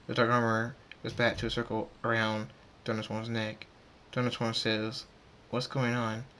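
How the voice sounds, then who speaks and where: A man with a bright, forceful voice reads a homemade fan story aloud. His delivery is plain and amateur, with small stumbles and restarts. A faint rumble sits low behind him. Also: completely flat delivery, moderate pace.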